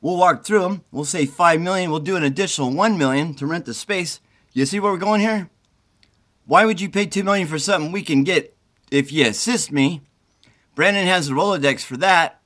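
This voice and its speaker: A sick, worn-out middle-aged man rants and pleads in a slightly high voice, swearing as he goes. He sounds agitated and run down with the flu. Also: a bit bright. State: sick with the flu, congested and tired. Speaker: self-recording video poster. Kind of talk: rambling direct-to-camera plea. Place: indoors at his mother's home.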